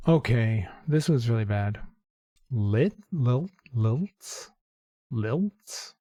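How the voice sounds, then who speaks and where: A man talking through daily puzzles in a relaxed, mellow voice, reading clues half to himself and reasoning out loud. His tone sits in an ordinary middle range. The sound is dry and close, with no room around it. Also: mid-range voice, extremely slow, no echo. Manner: thinks aloud, muttering clues and working through puzzles. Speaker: gaming channel host. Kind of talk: casual puzzle-solving commentary.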